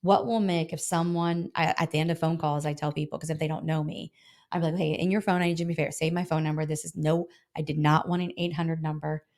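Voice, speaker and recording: A woman's voice: sits low, flat delivery, fast, a little mellow. A middle-aged woman, a health insurance broker, telling stories in a casual interview and acting out both sides of her phone calls.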